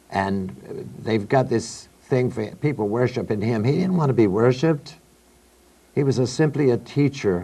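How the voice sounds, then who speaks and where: A man's voice: medium pitch, mellow, husky. A man with a Southern American accent, a reverend and trance medium, speaking emphatically and outspokenly on a talk show. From Southern United States. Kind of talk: studio talk show discussion.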